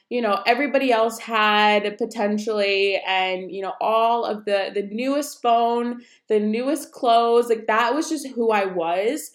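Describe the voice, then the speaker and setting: Chatty woman podcaster in an echoey room. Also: a little high. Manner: chatty, rambling, says um and like often. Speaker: podcast host. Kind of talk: unedited casual solo podcast chat. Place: room at home, busy road outside.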